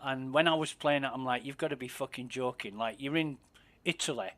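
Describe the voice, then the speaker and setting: A man's voice: mid-range voice, brisk, a bit bright. A man streaming a space game, chatting casually, swearing freely and muttering asides under his breath. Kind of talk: casual gameplay commentary.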